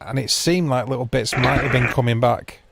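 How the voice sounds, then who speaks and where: With a gravelly, mid-range voice and a brisk pace, a man hosts a livestream and chats casually with the live chat. He rambles, greets viewers by name, and mocks himself in a dry way. The recording has loud background noise.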